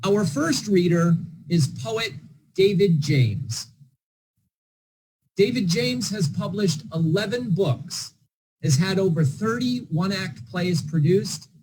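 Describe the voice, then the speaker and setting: A man hosting a literary reading, introducing each reader in a measured, formal way. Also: sits high, expressive, a little mellow, husky, rough recording. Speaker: event host introducing readers. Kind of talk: scripted introductions.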